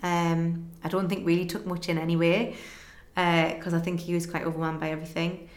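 A young woman, a guest in an interview, earnestly tells a personal story and acts out conversations in quick back-and-forth. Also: fairly low pitch, little pitch movement. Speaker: guest telling her story. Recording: roomy echo.

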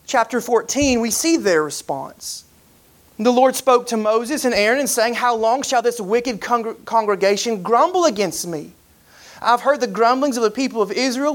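A preacher giving a conversational sermon who retells scripture in plain modern speech, with frequent "you know" and "like" and repeated words. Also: mid-range voice.

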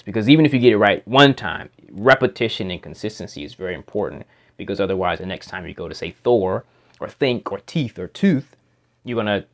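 A man with a somewhat low voice teaches pronunciation into a home microphone. He explains step by step, slowly repeating practice words and single sounds so the learner can copy them. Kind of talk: instructional explanation.

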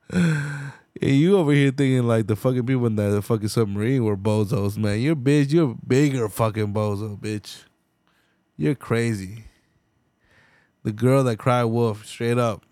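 A man's voice: mid-range voice, takes it slowly, long pauses, darkish tone, dry recording, clean studio sound. A man hosting a solo podcast, ranting in a heated, profane way and slipping into mocking voices. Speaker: podcast host.

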